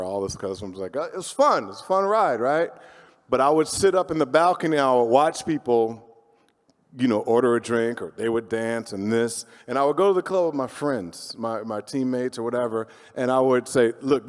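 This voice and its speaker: A man telling stories on a convention panel as a voice actor, animated and motivational, joking as he gives advice. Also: medium pitch. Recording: roomy hall reverb.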